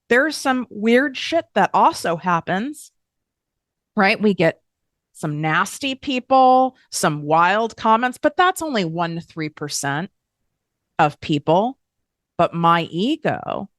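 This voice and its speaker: A woman's voice: low-pitched, vocal fry, dry recording, clean studio sound. A woman hosting a podcast, talking frankly and emphatically in a candid self-help monologue, swearing casually. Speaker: podcast host.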